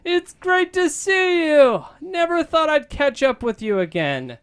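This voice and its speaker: A man voicing a boisterous grown man with a Southern accent, loudly greeting an old friend. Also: very high-pitched, sing-song, unhurried, voice pushed up, heavily acted. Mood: jovial. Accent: American Southern. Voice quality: loud, jovial.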